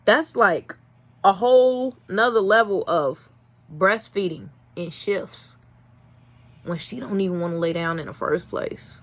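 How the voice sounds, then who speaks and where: A young woman who breeds dogs tells a casual vlog story, sounding animated and exasperated as her volume swings between loud and soft. Her pitch is medium and her pace a little slow.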